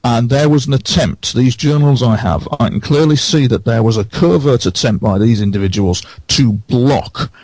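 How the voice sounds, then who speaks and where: A man on a radio show who recounts his experiences earnestly, halting and repeating phrases for emphasis. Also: mid-range voice, darkish tone, no room sound. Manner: halting, with many false starts.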